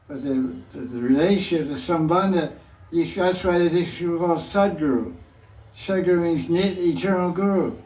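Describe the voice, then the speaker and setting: A man's voice: fairly high pitch, normal speed, a little mellow. Older man teaching with playful chuckles. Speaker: spiritual teacher. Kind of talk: question and answer talk. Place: hall with devotees. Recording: echoey room from far off.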